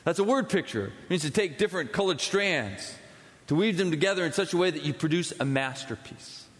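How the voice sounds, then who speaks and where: A man in his forties preaching a sermon, telling stories in an animated way and swinging between loud excitement and hushed intensity. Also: on the high side, a little fast. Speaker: pastor. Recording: long hall reverb.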